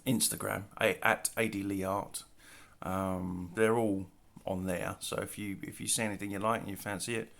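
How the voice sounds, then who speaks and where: A middle-aged man casually showing his artwork on camera, talking in a relaxed, rambling way with self-deprecating asides. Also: lowish voice, normal speed, creaky, hardly any pauses. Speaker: artist showing his work. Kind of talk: casual show-and-tell narration. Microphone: camera mic, handling artwork.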